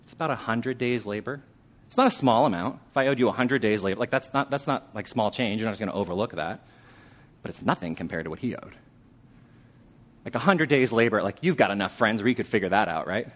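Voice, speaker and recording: Preaching in a conversational way, this man quizzes his congregation and goes quiet and hushed for the heavier lines. His voice sits lowish, and he's animated and quick.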